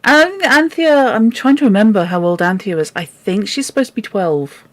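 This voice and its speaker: Book club host, chatty and exasperated, mid pitch, dry close sound. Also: lively intonation, moderate pace, no room sound. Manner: exasperated, chatty, swears in asides. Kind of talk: casual chat and reading aloud.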